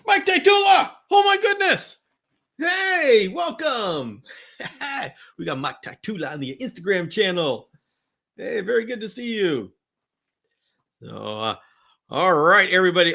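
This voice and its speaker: A man hosting a casual live-stream Q&A, chatting and greeting viewers by name with bursts of excitement. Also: on the high side. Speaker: host of a live chameleon Q&A.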